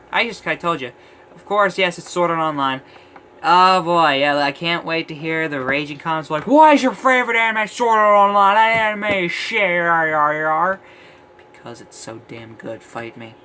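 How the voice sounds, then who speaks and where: Young male vlogger, casual screen-recorded commentary; rambling, swears, stumbles, bright tone. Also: on the high side, slight background noise. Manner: rambling, excitable, swears, trips over words. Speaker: anime vlogger. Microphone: phone or screen recorder mic.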